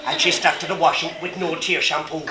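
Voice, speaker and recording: A storyteller from Cork, Ireland, telling a story to children in a lively way and asking them questions. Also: mid-range voice, fairly quick, over a noisy crowd, heavy background noise. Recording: roomy echo.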